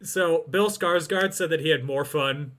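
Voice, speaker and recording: A man co-hosting a podcast, casually reading out movie trivia with lots of "uh"s and pauses. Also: fairly high pitch, fairly bright tone. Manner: hesitant, many fillers. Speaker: podcast co-host.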